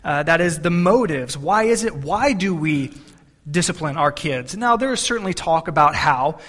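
A man's voice: a little high, lively intonation, normal speed, fairly bright tone. A man in his thirties, a pastor delivering a sermon in an earnest, conversational way with frequent restarts.

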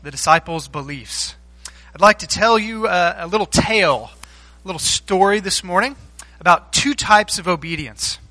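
High, bright-voiced preacher telling a story. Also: male voice, expressive, normal speed, no room sound. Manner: storytelling with frequent fillers and restarts; asks the congregation questions. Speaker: pastor. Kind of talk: sermon.

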